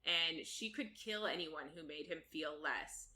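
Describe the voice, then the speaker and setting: A woman's voice: sits low, measured pace, sharp tone, slight background noise. A woman co-hosting a podcast, chatting casually as she recaps a book, laughing often and swearing freely. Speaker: podcast co-host.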